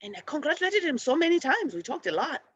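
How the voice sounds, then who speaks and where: A woman hosting a spiritual show leads a forgiveness practice, speaking earnestly, restarting and repeating words, and addressing souls with soft affirmations. Her voice is high-pitched and sing-song, her pace fast, and the audio dull.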